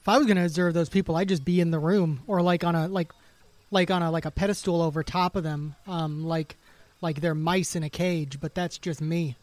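A man's voice: fairly high pitch, steady tone, brisk, a little mellow, dry recording. A man in casual conversation, stumbling and repeating filler words as he searches for what to say. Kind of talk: casual chat.

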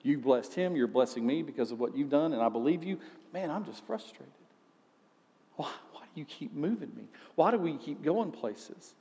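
A man preaching voices a frustrated old patriarch, pleading quietly with God. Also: fairly high pitch, lively intonation, moderate pace, long reverb tail.

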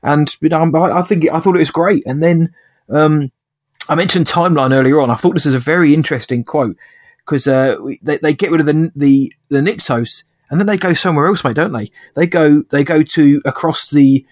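A man's voice: a little high, fairly quick, dry recording, studio quality. A man co-hosting a podcast in casual chat, animatedly retelling scenes and rambling with restarts. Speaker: podcast co-host.

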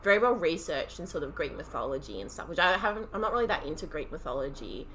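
A woman's voice: low-pitched, sing-song, quick pace, fairly bright tone, slight background noise. A woman in her twenties with an Australian accent, co-hosting a casual podcast and rambling with lots of "like" and "um". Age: 20s. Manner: rambling, filler-heavy. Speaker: podcast co-host. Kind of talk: casual chat.

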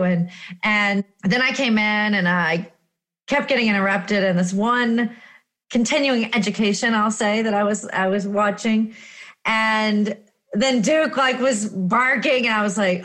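A woman chatting casually, telling a story with lively acted-out exclamations. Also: medium pitch, a little slow. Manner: animated storytelling, acting out her own exclamations. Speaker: guest. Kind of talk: casual chat.

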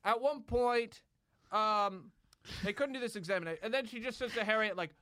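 A man chatting as a podcast guest, telling an animated story and acting out other people's lines. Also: high voice, fairly quick, smooth, dry recording, clean studio sound. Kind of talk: casual chat.

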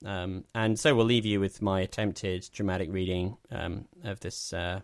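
A man's voice: low-pitched, little pitch movement, moderate pace, no echo. A man hosting a film podcast, chatting casually with dry, self-deprecating humor. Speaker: podcast host. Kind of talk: casual chat.

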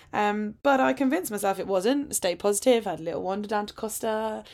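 A woman's voice: fairly high pitch, darkish tone. Chatty woman telling a story. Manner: chatty, laughs often, frank and candid. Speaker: podcast host sharing her birth story. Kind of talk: casual storytelling.

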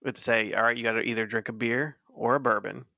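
Gravelly bright-voiced man chatting. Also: mid-range voice, steady tone, fast, dry recording, studio quality. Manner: rambling, laughs often. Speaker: podcast co-host. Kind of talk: casual chat.

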